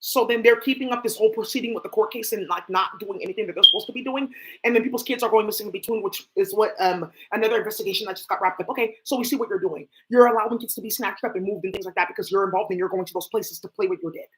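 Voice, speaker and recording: A woman hosting a tarot stream in a loose, rambling rant. She talks bluntly and profanely with lots of animation, asks questions out loud and answers herself. Her voice sits at a middle pitch for a woman. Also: rapid-fire. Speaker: tarot livestream host. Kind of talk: casual ranting monologue.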